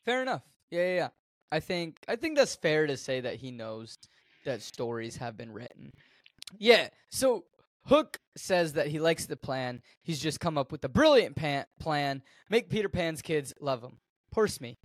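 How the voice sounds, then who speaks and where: High-voiced man recapping a movie. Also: unhurried, dry recording. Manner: animated, joking, reads notes aloud. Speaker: podcast co-host recapping a film. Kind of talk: casual chat.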